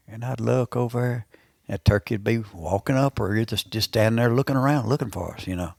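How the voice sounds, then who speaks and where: A man's voice: medium pitch, a little fast, vocal fry, a little mellow, dry recording, studio quality. A man in his sixties with an Alabama Southern accent, telling stories as an interview guest, rambling and often repeating and restarting his phrases. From Alabama, USA. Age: 60s. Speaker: guest, veteran turkey hunter. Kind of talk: casual storytelling in a podcast interview.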